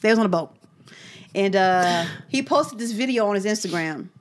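A woman's voice: mid-range voice, expressive, moderate pace. A woman hosting a podcast in casual chat, telling stories in a dry, wry way. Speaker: podcast host.

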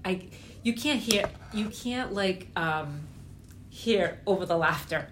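A woman co-hosting a podcast in casual chat, laughing often and jumping up in pitch when she quotes people. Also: slow pace, noisy background. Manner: laughing storyteller, high excited jumps when quoting people.

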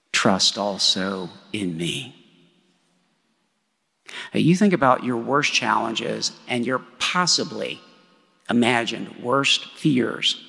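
A man's voice: mid-range voice, gravelly, a bit bright, slightly rough. A male pastor preaching a sermon in a conversational way, often checking in with "right?". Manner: conversational, with frequent "right?" tags. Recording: long hall reverb.

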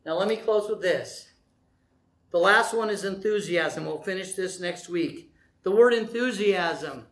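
A man preaching a lively, joking sermon, acting out short quotes as he goes. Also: sits high, measured pace, roomy sound. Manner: animated, jokey preaching with acted-out voices. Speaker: pastor.

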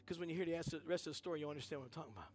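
A man with a notably high-pitched voice preaches from a church stage. He tells his story in an energetic, chatty way, slipping into the voices of the people he describes. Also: rapid-fire. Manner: energetic and conversational, acts out dialogue in the story. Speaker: guest speaker at a church service. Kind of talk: animated sermon storytelling. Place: church sanctuary.

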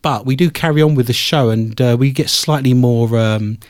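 A man hosts a radio show in a studio, telling rambling stories with a dry, joking edge. His voice sits at an ordinary pitch for a man. The sound is close and dry, with almost no room in it. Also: moderate pace, clear, resonant tone, dry recording. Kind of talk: casual radio banter.

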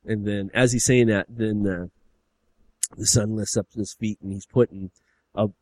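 A man's voice: lowish voice, steady tone, normal speed, darkish tone. Eager man jumping into a chat. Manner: eager, jumps in. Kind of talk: casual chat.

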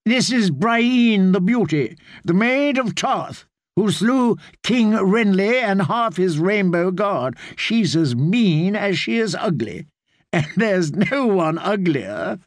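A languid young knight with a drawling, sardonic wit, voiced a touch high by a male narrator. His lines come slowly and dry, close to the mic. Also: animated, no echo. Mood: mocking.

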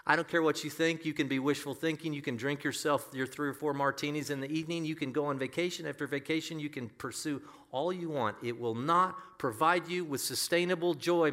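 A man's voice: on the high side, a bit bright. A male pastor preaching a sermon in an earnest, emphatic way, often pressing a point home by repeating it.

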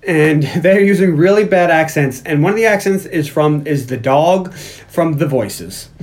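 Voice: mid-range voice, measured pace, a little mellow. A podcast host recapping a movie in casual chat, joking while reading from their own notes. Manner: jokey, reads own notes aloud.

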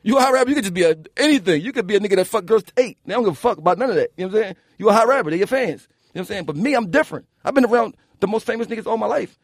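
Husky fast-talking Philly rapper, a man. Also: high voice, no echo, studio quality. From Philadelphia. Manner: animated, profane, keeps asking "you know what I'm saying". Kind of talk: casual interview storytelling.

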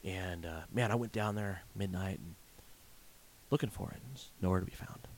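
A man's voice: deep voice, moderate pace, a little mellow. A man in his thirties in a casual ranting monologue, telling exasperated stories and acting out quotes. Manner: exasperated, storytelling with acted quotes. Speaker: vlogger.

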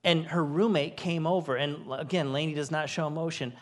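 Preaching to the congregation from the church stage, this forties-aged co-lead pastor talks fairly quickly in a slightly high voice with fairly even intonation. His sermon is built on earnest, emotional stories from his own life, delivered with rising emphasis.

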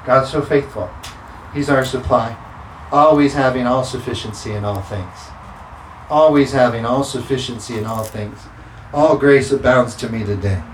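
Pastor, male, mid-pitched, preaching with emphatic repeated declarations; roomy sound, faint ambience. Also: moderate pace, slight background noise. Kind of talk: sermon.

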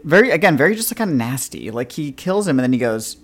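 A man's voice: a little high, big pitch swings, quick pace. A man from New Jersey co-hosting a casual movie-review podcast, full of wry jokes and asides. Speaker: podcast co-host.

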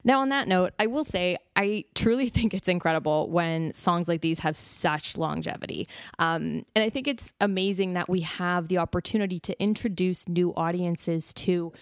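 A woman's voice: fairly low pitch, normal speed, dry recording, studio quality. Chatty enthusiastic woman podcaster. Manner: chatty, enthusiastic, many fillers like "like" and "um". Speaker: podcast host. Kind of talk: casual solo podcast chat.

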